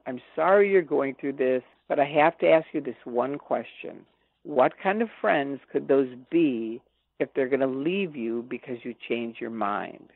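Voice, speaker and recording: Older female guest, lively storyteller who acts out quotes; tinny, dry phone audio. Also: sits low, moderate pace, no echo. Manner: animated, acts out quoted dialogue. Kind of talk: personal storytelling in an interview.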